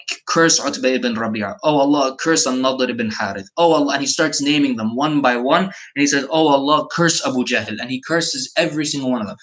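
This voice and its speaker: A man's voice: on the high side, pushed and bright, poor audio. A young man teaching a live-streamed Islamic story lesson, telling it vividly and speaking to online viewers. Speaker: mosque teacher.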